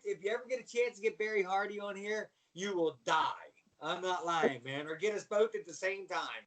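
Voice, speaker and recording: Middle-aged ex-wrestler guest from Baltimore, slangy storyteller with a high voice, sitting back from the mic. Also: male voice, a little fast, recorded from a distance, low-quality recording. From Baltimore, USA. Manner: animated storyteller, slangy, says "man" a lot. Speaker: podcast guest, former wrestler. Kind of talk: casual storytelling interview.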